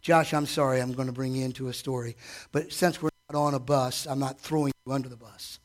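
A man preaching a sermon from a church stage, animated, asking the congregation direct questions and acting out quotes. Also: mid-range voice, a little fast. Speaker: pastor.

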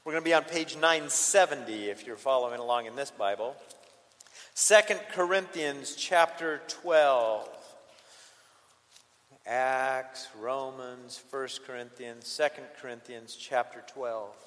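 A man preaching a sermon as a pastor, swinging between loud emphatic peaks and quiet intimate asides. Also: mid-range voice, measured pace. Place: church sanctuary. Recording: long reverb of a large hall.

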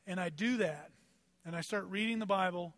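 A male pastor delivers a sermon in a conversational, storytelling style, drawing on personal anecdotes and building his points with strings of rhetorical questions. His voice is high and fairly bright, at normal speed, with no room sound.

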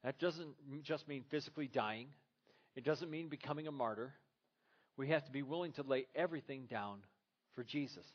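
A man's voice: mid-range voice, normal speed, muffled recording. A man preaching a sermon as a pastor, earnest and full of rhetorical questions.

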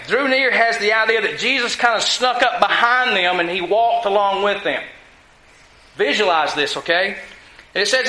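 With a very high, bright and forceful voice, a preacher reads verses from a Bible passage and teaches in a conversational manner, checking in with listeners. The room is echoey and the recording rough.

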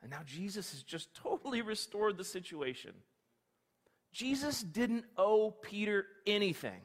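A male pastor telling a story in a lively, conversational sermon, his high voice swooping up and down. The sound carries a long hall reverb. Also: unhurried.

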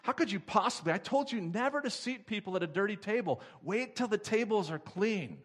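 A man's voice: high-pitched, lively intonation, fairly quick, a bit bright, voice pushed up. A harsh, berating restaurant manager, put on by a preacher in a sharply raised voice. He tears into his staff with biting scorn. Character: angry male restaurant manager scolding staff.

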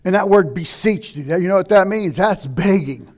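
A middle-aged male pastor preaching a sermon, telling stories and asking questions, dropping to near whispers and rising to shouts. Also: sits high, lively intonation, normal speed. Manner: dramatic, swings from hushed near-whispers to shouting; conversational storytelling with rhetorical questions.

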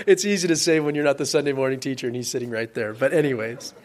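Lively, casual male preacher. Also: mid-range voice, fast talker. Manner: casual and animated, swings between loud emphasis and quiet asides. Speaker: youth pastor. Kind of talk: sermon.

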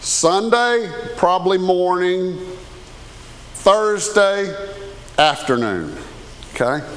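A man's voice: sits high, lively intonation, drawn-out words, a bit bright, slight background noise. A man, preaching a conversational sermon as a pastor and often asking the congregation questions. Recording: long hall reverb.

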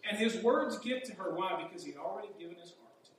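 A man's voice: high voice, brisk, fairly bright tone. Male preacher in an echoey hall. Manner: conversational, asks rhetorical questions. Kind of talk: sermon. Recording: echoey hall, mic far off, faint hum.

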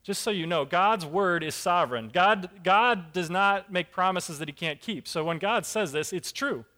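A man's voice: high voice, moderate pace, pushed and bright. A man preaching a casual, conversational sermon as a pastor, self-deprecating and acting out characters' lines.

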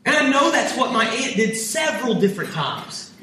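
High bright-voiced preacher in an echoey hall. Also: male voice, sing-song, moderate pace, few pauses. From United States. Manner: impassioned preaching, voicing prayers and God's reply. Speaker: pastor. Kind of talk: sermon. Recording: echoey hall, mic from a distance.

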